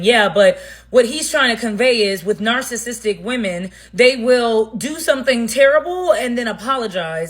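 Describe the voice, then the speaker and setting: A woman hosting a gossip story-time vlog who talks in an animated, blunt way and laughs often. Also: fairly high pitch.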